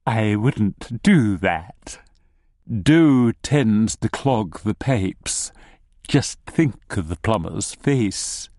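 Guy voicing a sly cryptic gnome, talks real slow and hushed, dry sound. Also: lowish voice, animated, dry recording, exaggerated voice. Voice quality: slow, deliberate, hushed delivery. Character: sly, cryptic male gnome, a pub regular.

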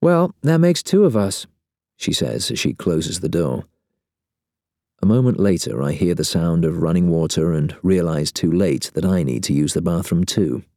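A man narrating a first-person story in a wry, deadpan way. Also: sits low, normal speed, no room sound, studio quality.

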